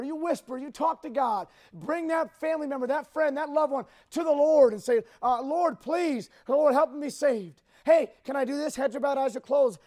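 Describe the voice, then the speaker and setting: Pleading high-voiced young preacher. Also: male voice. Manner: pleading, urgent, swings between loud exhortation and hushed appeals. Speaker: youth pastor. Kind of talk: altar call sermon.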